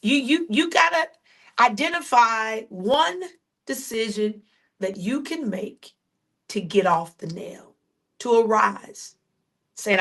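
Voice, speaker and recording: Woman, preaching sermon, slightly high voice, repeated refrains, questions to listeners, quick then slow delivery. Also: lively intonation, a bit bright. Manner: shifts between quick storytelling and slow, drawn-out declarations. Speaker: preacher and podcast host.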